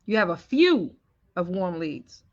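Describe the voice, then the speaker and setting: A woman's voice: lowish voice, sing-song, measured pace, a little mellow, lo-fi sound. A woman sales coach talking on a live stream, often stopping to ask viewers whether it makes sense. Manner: keeps checking in with viewers.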